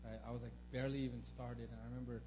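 A young man preaching a casual sermon as a pastor, informal and earnest, full of fillers, sometimes acting out prayers loudly. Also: medium pitch, flat delivery, racing. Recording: dull lo-fi recording with faint hum.

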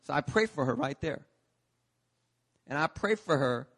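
A man's voice: fairly high pitch, expressive, unhurried, a bit bright. A man, a pastor, preaching a sermon in an emphatic, storytelling manner at a church service. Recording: long reverb of a church hall.

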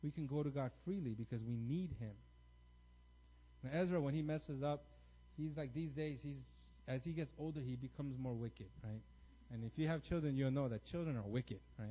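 A man in his thirties preaching a sermon, telling stories with lots of energy and checking in with the crowd by asking "right?". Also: mid-range voice. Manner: animated storytelling, frequent "right?" tags. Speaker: pastor. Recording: dull lo-fi recording.

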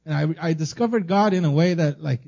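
A middle-aged man born in Korea and raised in America gives an earnest sermon. His voice sits a little high, and he often stumbles and restarts as he searches for words. The audio sounds muffled and low-fidelity. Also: quick pace, gravelly, warm tone. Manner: earnest, emotional testimony with frequent restarts. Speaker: pastor.

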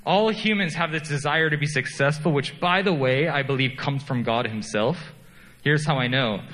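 A man's voice: on the high side, fairly bright tone, long reverb tail, rough recording. A man preaching a sermon as pastor, telling self-deprecating stories in a conversational way.

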